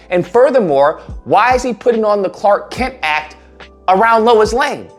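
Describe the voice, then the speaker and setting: A man talking through casual online commentary with a lively, swooping pitch. He is animated and often slips into a high, mocking put-on voice. Faint music plays under him. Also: normal speed.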